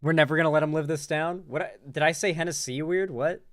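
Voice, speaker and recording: A woman's voice: low-pitched, quick pace, no echo, clean studio sound. A woman hosting a casual livestream, joking, rambling and swearing freely as she talks to her chat. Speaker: streamer host.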